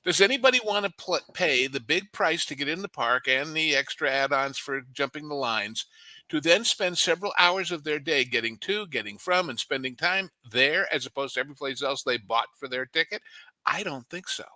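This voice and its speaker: Male guest, bright cutting voice, dry close sound, wry storyteller. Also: a little high, animated, normal speed, dry recording, poor audio. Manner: reminiscing, wry, with fillers. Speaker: panel guest. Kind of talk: casual panel chat.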